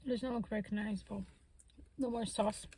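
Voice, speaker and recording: A woman's voice: mid-range voice, steady tone, brisk, warm tone, slightly rough. A woman vlogger chatting casually while eating in a parked car, humming between bites. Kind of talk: casual eating-show chat.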